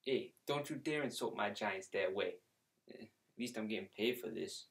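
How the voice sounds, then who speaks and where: A man's voice: lowish voice, normal speed, vocal fry. A man voicing a brash, rich male football fan with a put-on New York accent, boasting and brushing people off during a comedy phone-call skit. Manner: boastful, dismissive, rambling with fillers.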